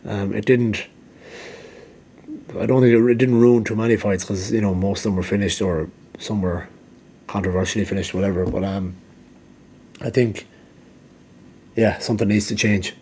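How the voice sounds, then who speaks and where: A man's voice: fairly low pitch, fairly even intonation, moderate pace, pauses often, a little mellow, slight background noise. A man giving rambling casual commentary, full of ums and restarts, and he is losing his voice. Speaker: MMA vlogger.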